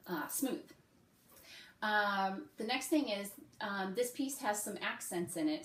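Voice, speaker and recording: A woman who teaches music, giving step-by-step practice advice in a relaxed, friendly way with frequent ums and okays. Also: mid-range voice, echoey room, a little hiss or hum. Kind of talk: casual instructional talk.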